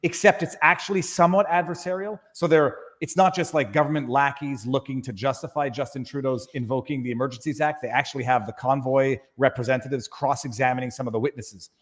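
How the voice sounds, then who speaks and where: A man's voice: mid-range voice, fairly even intonation, fast talker, hardly any pauses, big-room sound. A man chatting as a guest on a live stream, joking and rambling through asides. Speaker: guest YouTube lawyer. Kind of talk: casual panel chat on a live stream.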